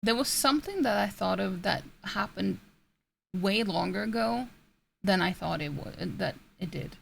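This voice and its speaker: Gravelly-voiced woman streamer. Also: mid-range voice, expressive, unhurried, a little hiss or hum. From Norway. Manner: rambling, self-interrupting, laughs often. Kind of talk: casual chat reading out chat messages. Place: home streaming setup.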